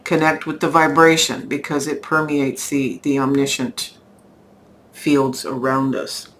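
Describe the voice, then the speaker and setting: Woman doing her weekly tarot reading, talks real slow n thoughtful, bit of hiss behind. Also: a bass voice, little pitch movement, fairly bright tone. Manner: slow, reflective, spiritual delivery. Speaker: tarot reader.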